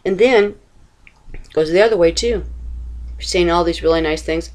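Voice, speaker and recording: A woman's voice: on the low side, moderate pace, pauses often, darkish tone. A woman speaking informally to camera, giving a religious exhortation with rhetorical questions, repeated phrases and frequent restarts. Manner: restarts and stumbles while searching for words. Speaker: Christian video teacher.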